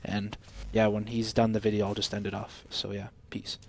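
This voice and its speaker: A sick man with a fairly low voice, losing his voice as he rants bluntly and profanely about a game. There is a steady hiss of background noise across the recording. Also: normal speed, gravelly. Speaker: gaming channel host. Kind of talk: casual gaming commentary.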